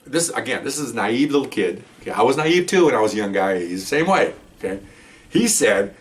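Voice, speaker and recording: Middle-aged ex-cop guy rambling thru a story, talks quick, sits a bit back from the mic. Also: medium pitch, lively intonation, distant mic. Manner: rambling, acts out quotes in a raised voice. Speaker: retired police officer telling stories. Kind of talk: casual spoken storytelling.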